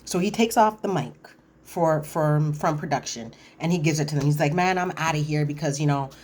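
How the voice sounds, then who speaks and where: A woman casually recapping a reality TV episode, chatty and animated, acting out cast members' lines and correcting herself as she goes. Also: low-pitched, brisk. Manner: animated, quotes cast members in voiced asides; chatty, frequent fillers and self-corrections.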